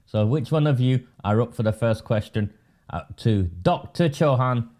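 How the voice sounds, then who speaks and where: A man's voice: medium pitch, animated, normal speed, darkish tone. Sarcastic man hosting a webinar. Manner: sarcastic, mocking. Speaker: webinar host and political campaigner. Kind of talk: live webinar commentary.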